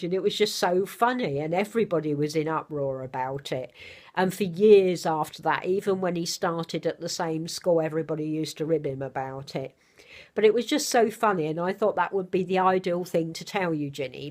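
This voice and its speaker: Gentle chatty middle-aged woman. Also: lowish voice. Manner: gentle, chatty, with soft asides. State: slightly dry throat. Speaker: vlogger. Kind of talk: casual storytelling to camera.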